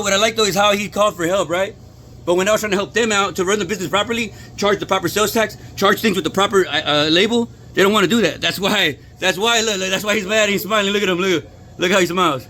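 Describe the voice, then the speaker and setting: A man's voice: sits high, pushed and bright, a little hiss or hum. A man filming on his phone inside a store, arguing in an agitated, repetitive way as an employee. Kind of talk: filming a workplace confrontation.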